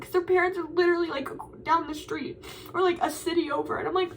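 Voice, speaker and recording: A woman's voice: very high voice, fairly even intonation, fast talker, distant mic, a little hiss or hum. A young woman, a college student, venting to camera in a frustrated, tearful, rambling way and repeating herself. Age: young adult.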